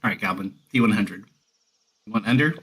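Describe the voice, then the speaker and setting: A man's voice: fairly low pitch, brisk, noisy background. A man running a tabletop role-playing session as dungeon master, narrating in a loose, rambling way with fillers.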